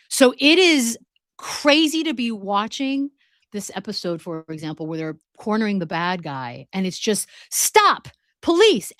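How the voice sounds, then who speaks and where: A woman's voice: mid-range voice, no room sound. Chatty woman co-host, dry close sound. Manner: chatty, rambling, quick asides. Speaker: podcast co-host. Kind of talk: casual chat.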